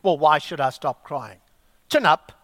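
A preacher putting on a scoffing blunt skeptic. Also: male voice, a little high, measured pace, fairly bright tone, long reverb tail, pitched below the performer's own voice. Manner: mocking, brusque.

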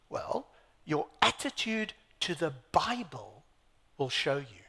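A man's voice: sits high, sing-song, unhurried, fairly bright tone, long reverb tail. A man preaching a sermon, emphatic, asking his listeners rhetorical questions, with dry self-deprecating asides. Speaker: pastor.

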